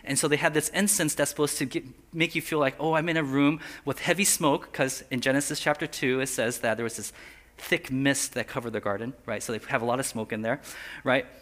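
Bright, lively man preaching a sermon. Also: medium pitch, fairly quick. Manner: acts out dialogue, asks the listeners questions, leads a guided imagination. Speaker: pastor. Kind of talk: animated sermon with slides.

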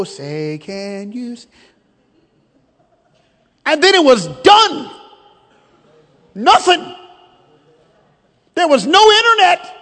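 Middle-aged male preacher, high-pitched, folksy and joking, reverberant sanctuary sound. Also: a bit bright. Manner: storytelling, joking, calls out to the congregation. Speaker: pastor. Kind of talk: sermon. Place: church sanctuary.

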